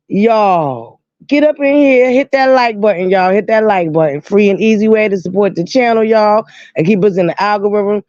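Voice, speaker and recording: A woman's voice: medium pitch, expressive, moderate pace, a little mellow, dry recording, lo-fi sound. A woman hosting a casual live stream, drawling and exclamatory, greeting viewers by name. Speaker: host.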